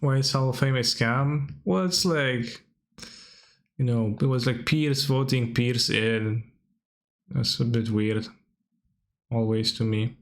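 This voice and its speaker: A man's voice: mid-range voice, slow pace, pauses often. A man giving casual stream commentary while reacting to old videos, chatty and wry, laughing often and talking loosely with many filler words.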